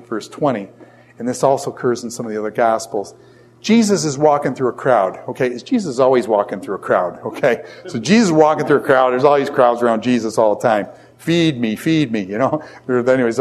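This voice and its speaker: A middle-aged man teaching a Bible class to a room of students. His voice sits at an ordinary pitch, and he keeps asking questions and answering them himself. He breaks into animated stories and jokey asides. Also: fast talker. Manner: animated storytelling with jokes and asides. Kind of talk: lively classroom lecture.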